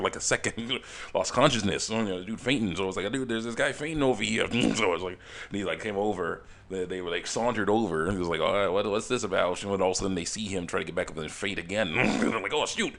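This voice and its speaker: A man telling a long work story in a casual, rambling way, with many restarts and small chuckles, acting out what people said. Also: lowish voice. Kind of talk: casual storytelling while working on a game mod.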